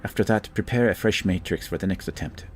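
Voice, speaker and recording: A man's voice: deep voice, fast talker, slight background noise, close to an everyday voice. A man voicing a driven, commanding woman arcane scholar who gives curt, focused orders.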